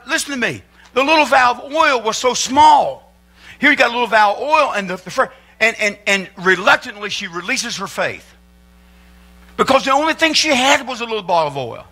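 Animated, bright-voiced joking pastor. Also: male voice, high-pitched. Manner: animated, joking, builds to excited shouting. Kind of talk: humorous sermon. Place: church sanctuary.

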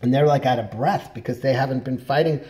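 A man's voice: mid-range voice, fast, darkish tone. A middle-aged man casually retelling a comic book plot, rambling with many fillers and restarts. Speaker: comics reviewer.

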